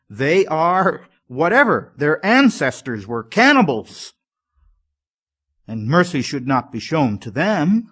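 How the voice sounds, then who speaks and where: A man's voice: medium pitch, fairly bright tone. A man preaching a sermon, emphatic and piling up strong words for effect.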